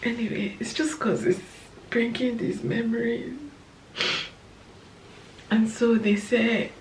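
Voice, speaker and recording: A woman telling an emotional story in a storytime vlog, tearful at times and dropping to soft whispers. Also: medium pitch, gravelly, reverberant, a little hiss or hum. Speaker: vlogger, new mother.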